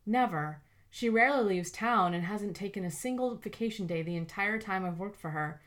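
Female reader doing a flustered young receptionist, raised pitch, audiobook. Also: moderate pace, a bit bright, close to an everyday voice. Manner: tentative, flustered. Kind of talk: audiobook character voice.

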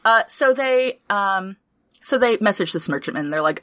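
Bright, profane woman podcast host. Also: medium pitch, moderate pace, dry recording, studio quality. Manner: energetic, profane, laughs often. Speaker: podcast host reviewing a film. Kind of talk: casual chat.

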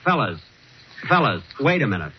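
Man, radio comic, indignant straight man, swooping pitch, old hissy broadcast sound. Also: sing-song, moderate pace. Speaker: comedy show host. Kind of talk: 1940s radio comedy acting. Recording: hissy dull vintage radio recording.

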